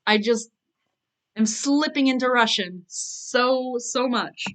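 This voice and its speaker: A woman's voice: mid-range voice, normal speed, fairly bright tone, clean tone. A woman author reading her own novel aloud on a live stream, breaking off for self-mocking asides.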